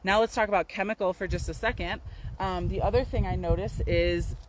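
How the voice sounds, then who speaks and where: A woman naturopathic doctor talks casually to a phone camera she holds outdoors in the wind. Her delivery is chatty and loose, full of fillers and quick "right?" tags. Faint traffic hums behind her. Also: fairly low pitch, fairly even intonation. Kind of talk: casual health talk to camera. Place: outdoors on a windy day. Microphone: handheld phone camera.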